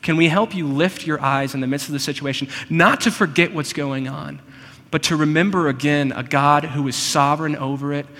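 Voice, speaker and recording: A man preaching a sermon, earnest and personal, often slowing down to stress a point. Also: a little high, fairly bright tone, long reverb tail. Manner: earnest, personal, slows for emphasis. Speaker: pastor.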